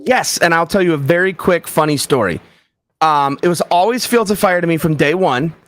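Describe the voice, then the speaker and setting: A man's voice: a little high, normal speed, no echo. A man, an author and guest, telling stories in casual interview chat and acting out the voices of people he quotes. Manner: animated storyteller, acts out quoted voices. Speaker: author and book site founder, guest.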